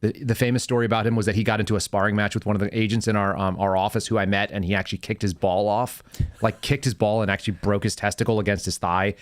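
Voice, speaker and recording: Male podcast host, ex-agent, low voice, rapid-fire rambling stories. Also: steady tone, dry recording. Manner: rapid, rambling anecdotes with self-corrections. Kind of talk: casual podcast chat and storytelling.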